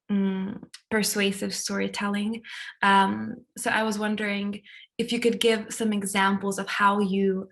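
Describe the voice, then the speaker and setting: A woman with a Lithuanian accent moderating a Q and A over a video call, speaking politely and in a measured way. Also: mid-range voice, a bit bright.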